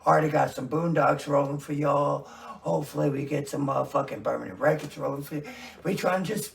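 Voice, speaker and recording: Gravelly dude cohosting a podcast, swears a lot, kinda far from the mic. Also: male voice, fairly high pitch, steady tone, a little fast. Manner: loose, profane banter. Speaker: podcast co-host. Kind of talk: casual podcast chat.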